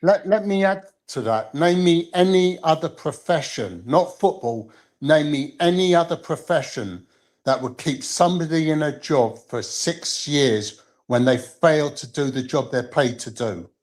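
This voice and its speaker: A man speaking measured and halting in a football call-in, often restarting his sentences. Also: a little high, a little mellow. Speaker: call-in panelist.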